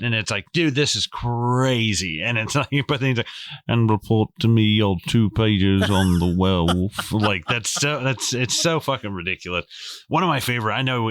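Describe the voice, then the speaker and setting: A man's voice: lowish voice, sharp tone, dry recording, clean studio sound. A man co-hosting a casual film-review podcast, joking and swearing his way through incredulous rants. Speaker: podcast co-host.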